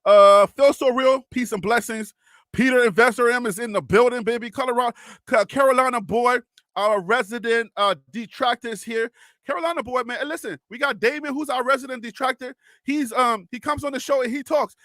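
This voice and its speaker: High, bright-voiced excitable male streamer. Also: fairly quick, no room sound, studio quality. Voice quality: self-described radio voice. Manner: excitable, teasing, shouts out chat names. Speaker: live-stream sports show host. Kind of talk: casual live-stream chat.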